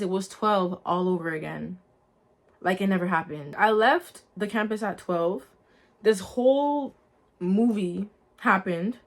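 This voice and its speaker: A young adult woman sharing a personal faith testimony in a casual, earnest storytelling way, talking straight to her viewers. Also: mid-range voice. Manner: earnest, lively storytelling, addresses viewers as guys.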